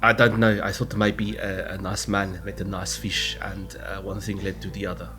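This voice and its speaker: A man's voice: deep voice, little pitch movement, normal speed, music in the background. A man playing a tabletop game, making teasing jokes. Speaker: player.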